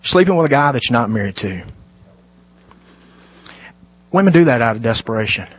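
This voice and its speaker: A middle-aged man preaching a sermon, animated and lively, dropping to hushed, intimate asides. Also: medium pitch, moderate pace, husky. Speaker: pastor.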